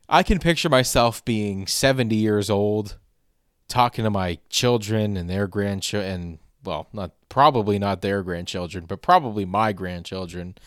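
Rambling man with a smooth low voice. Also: dry recording, clean studio sound. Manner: rambling, halting with many fillers. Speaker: stand-up comedian. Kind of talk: casual comedic monologue.

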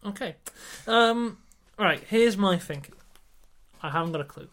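High-voiced man hosting a podcast. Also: animated, a little slow, fairly bright tone. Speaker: podcast host. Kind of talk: casual podcast predictions.

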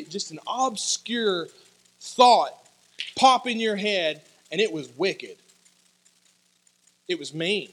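Bright-voiced animated male pastor. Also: high-pitched. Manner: animated storytelling, acts out dialogue, sudden loud shouts. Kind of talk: sermon with personal stories.

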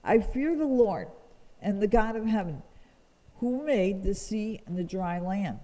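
A woman's voice: medium pitch, lively intonation, unhurried, warm tone, long reverb tail, low-quality recording. A woman teaching from the Bible, reading verses aloud and explaining them earnestly. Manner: reads scripture aloud, then explains it earnestly.

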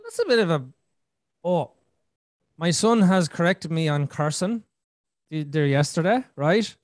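A middle-aged man hosting a podcast in casual conversation, animated and talkative, repeating words and acting out his own thoughts. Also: fairly high pitch, measured pace, no echo, studio quality. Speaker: podcast host.

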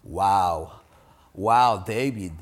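A marveling Israeli man with a thick accent, as a preacher puts him on. The voice sounds a touch distant and rises high in places. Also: extremely slow.

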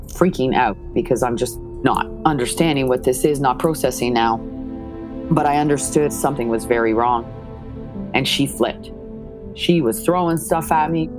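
Very low-voiced mother telling her story. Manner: earnest, retelling scenes with quoted dialogue. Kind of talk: emotional personal account.

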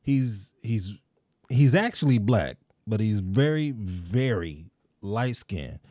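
A man hosting a podcast in relaxed, rambling casual chat, often laughing mid-sentence. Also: on the low side, slow pace. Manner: laid-back, rambling, laughs while talking. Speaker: podcast host.

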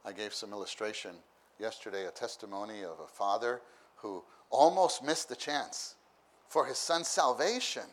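A man's voice: fairly low pitch, moderate pace. A man preaching a conversational sermon at a church meeting, repeating phrases and acting out the voices of people in his stories. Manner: repeats phrases, acts out voices with bursts of laughter.

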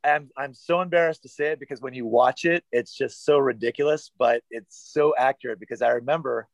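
An actor appearing as a podcast guest chats casually, rambling and self-deprecating with lots of fillers. His voice is mid-range and creaky, fairly quick, with no echo but a rough recording.

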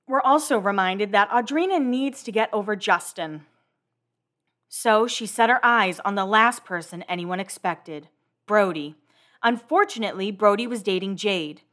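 A woman's voice: medium pitch, moderate pace, fairly bright tone. A woman hosting a casual recap of TV episodes, chatty and full of "like" fillers.

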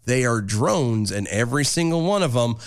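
An animated man co-hosting a loose comedy chat show. His pitch swings widely and jumps up high when he makes a point or acts out a quote. His voice sits in a middle register. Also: normal speed. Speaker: podcast co-host.

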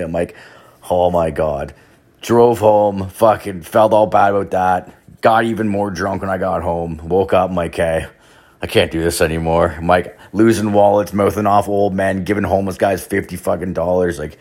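Young dude podcast host, kinda low voice, rambly, swears a ton. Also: male voice, a little mellow. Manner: rambling, profane, filler-heavy. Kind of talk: casual storytelling monologue.

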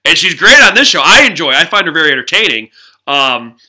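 A man co-hosts a relaxed podcast chat. His voice is very bright and a touch high. He recaps with easy laughter. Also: quick pace. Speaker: podcast co-host. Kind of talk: casual chat.

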